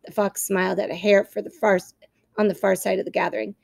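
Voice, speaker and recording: A woman teacher reading a children's novel aloud to her class, expressive and clear, stopping to explain. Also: medium pitch, fast, dry recording, studio quality.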